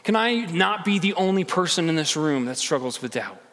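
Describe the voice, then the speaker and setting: A man preaching a sermon to a congregation, conversational and animated, acting out inner voices. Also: fairly high pitch, moderate pace, long reverb tail. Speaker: pastor.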